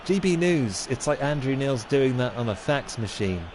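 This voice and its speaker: A man's voice: mid-range voice, lively intonation, normal speed, background noise. A young man doing comic commentary over a football game, playing a mock-serious pundit who rants and gets indignant.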